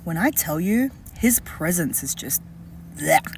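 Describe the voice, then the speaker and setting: A woman's voice: animated, slow pace, creaky, a little hiss or hum. Chatty woman gossiping. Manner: chatty, gossipy, lowers voice at times. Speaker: commentator. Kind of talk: casual commentary.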